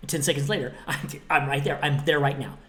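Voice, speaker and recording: A man's voice: medium pitch, fairly quick, fairly bright tone. Blunt, emphatic male podcast host. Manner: emphatic, plays out both sides of imagined exchanges; blunt, a little cheeky. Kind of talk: motivational podcast monologue.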